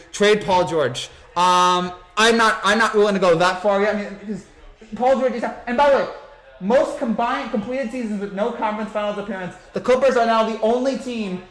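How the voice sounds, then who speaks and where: A young man hosting a postgame basketball reaction stream, talking in an excited, hyped-up way and reading out reactions. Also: high-pitched. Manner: excited, rapid, hyped-up sports talk. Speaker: sports commentary host.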